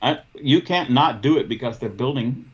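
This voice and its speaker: A man's voice: mid-range voice, animated, normal speed. A man guesting on a casual podcast chat, talking in an easy, agreeable way. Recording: dull lo-fi audio.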